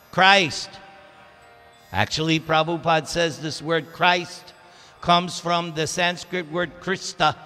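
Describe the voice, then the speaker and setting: A man's voice: a little high, bright, forceful tone. A man giving a scripture class in a temple, speaking emphatically and drawing out key words as he teaches. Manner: emphatic, drawn-out teaching delivery. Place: temple hall. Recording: reverberant temple hall with faint music.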